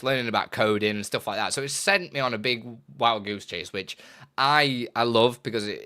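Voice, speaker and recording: A man's voice: mid-range voice, sharp tone. A man chatting casually on a live stream, rambling and correcting himself as he explains his setup, often laughing.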